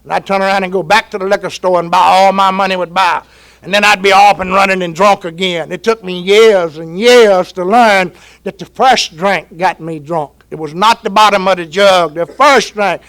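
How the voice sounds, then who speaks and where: A man's voice: high voice, fairly even intonation, normal speed, fairly bright tone, clear, resonant tone. An older man from Georgia, telling his recovery story to an AA gathering in a folksy, chuckling way. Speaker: AA speaker. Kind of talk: recovery talk to a crowd.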